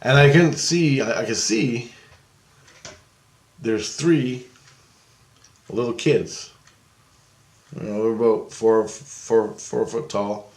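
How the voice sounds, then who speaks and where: This storyteller, a man with a medium-pitched voice, describes an astral travel experience slowly and with frequent pauses. He's casual and rambling, swears, laughs often and acts out other people's voices. The room is echoey.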